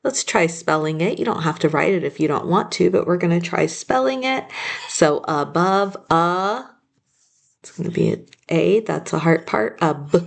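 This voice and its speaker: A woman's voice: fairly low pitch, animated, gravelly. A woman teaching a phonics spelling lesson, patiently sounding out each word. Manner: slow, patient, sounding out words.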